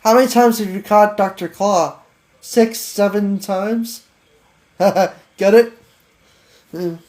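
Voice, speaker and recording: A podcast host in their thirties chats casually in a slow, mid-range voice with a darkish tone. They tease playfully in slang, leaning on filler words and laughing asides.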